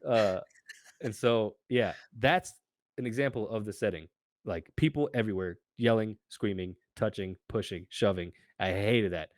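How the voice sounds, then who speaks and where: A young American man, co-host of a podcast, telling a story in a casual, animated way, acting out voices and swearing freely. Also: on the low side, no room sound, clean studio sound. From United States.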